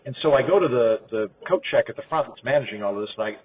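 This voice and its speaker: A man riding as a passenger, telling anecdotes in a quick, animated way as a podcast guest. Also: mid-range voice, breathy edge. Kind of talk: casual storytelling in a car. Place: inside a car, passenger seat. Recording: tinny phone-like car recording.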